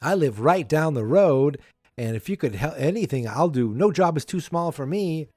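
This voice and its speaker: Brief: man putting on a high, earnest kid voice, eager and pleading, dry sound. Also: animated, normal speed, darkish tone, no room sound. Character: eager poor young boy looking for a job.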